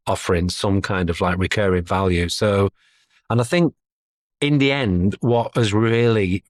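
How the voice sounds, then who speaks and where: A man's voice: lowish voice, no room sound, studio quality. A middle-aged man, talking as a guest in a casual podcast interview, chatty and self-deprecating. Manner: chatty, self-deprecating, laughs between thoughts.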